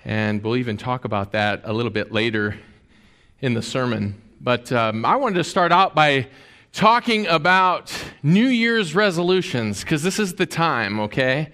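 A man's voice: mid-range voice, lively intonation, measured pace, sharp tone. A man preaching a sermon as a pastor, in a conversational way with many fillers.

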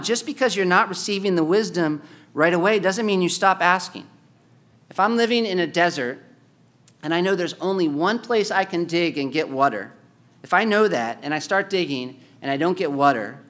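A man preaching a sermon, swinging between loud, pressing exhortation and quiet, low-key storytelling. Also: lively intonation, moderate pace. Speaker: pastor.

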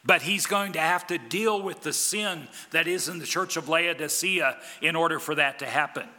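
A man delivers a sermon with an emphatic preaching style, his voice very bright and a little high. He swings from loud declarations down to quiet, low lines. The sound carries a long reverb, as in a large hall. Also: moderate pace. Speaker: pastor.

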